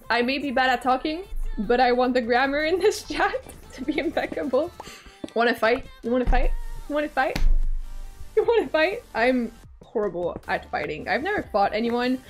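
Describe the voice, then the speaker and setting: A young woman's high-pitched voice, playful and teasing as she chats with her live-stream audience, often breaking into mock-dramatic laughter. She talks into a desk mic at home, with faint game music softly behind her. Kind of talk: casual live-stream chat, reading chat aloud. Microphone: desk microphone.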